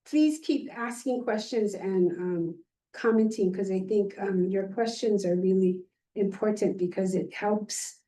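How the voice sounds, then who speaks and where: A woman's voice: medium pitch, warm tone. An older woman speaking as a board member at a public meeting, rambling a little with many fillers. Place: meeting, remote or room. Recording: roomy, distant mic.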